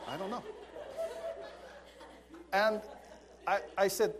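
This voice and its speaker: A man preaches in an animated storytelling style, his voice pitched a touch higher than most men's. He drops into quiet asides and breaks into laughter as he tells his stories. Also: moderate pace. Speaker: pastor. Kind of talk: storytelling sermon.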